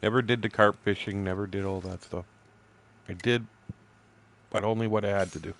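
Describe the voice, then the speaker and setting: An older man in his sixties chats while he plays a fishing game on stream. His voice sits a little low. He rambles through old stories, swears freely and laughs along the way. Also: steady tone, normal speed, fairly bright tone. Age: 60s.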